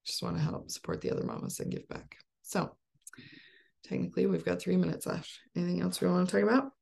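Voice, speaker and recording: A woman's voice: on the low side, fairly even intonation, quick pace, creaky, a little mellow. A woman in her forties, a life coach hosting a support group call over a video call, talking in an upbeat, encouraging way with rhetorical questions and frequent laughs. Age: 40s.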